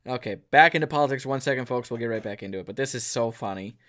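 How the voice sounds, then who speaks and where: A man's voice: mid-range voice, fast, a bit bright. A man co-hosting an outdoors podcast, chatting casually, jokey and rambling off on tangents. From northern US. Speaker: podcast co-host. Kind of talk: casual chat.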